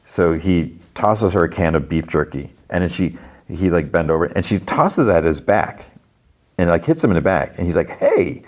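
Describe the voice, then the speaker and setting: A man's voice: low voice, animated, moderate pace. A man hosting a podcast, casually retelling an episode in a rambling way, full of fillers. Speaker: podcast host.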